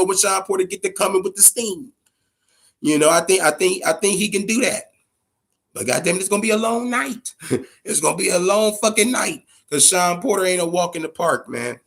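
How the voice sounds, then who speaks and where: A man rambles through his boxing opinions in a loose, profane way, hammering his points home by saying them again. His voice sits a little higher than most men's. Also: vocal fry, fairly bright tone. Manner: profane, emphatic, repeats himself. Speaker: boxing podcast host. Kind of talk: casual opinionated commentary.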